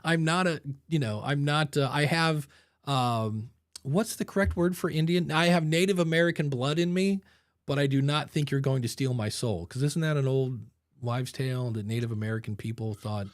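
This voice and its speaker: A man's voice: medium pitch, normal speed, no echo, studio quality. A man hosting a podcast, chatting casually and acting out the voices in his stories. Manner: animated storyteller acting out quotes. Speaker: podcast host. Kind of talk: casual conversation.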